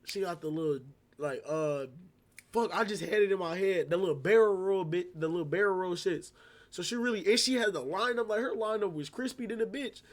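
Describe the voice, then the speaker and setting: A young man with a noticeably high voice tells a story to his stream. He talks in loose, slangy, rambling bursts and throws himself into replaying every exchange. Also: fairly quick. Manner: slangy, rambling, animated retelling. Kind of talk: casual storytelling. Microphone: streaming setup microphone.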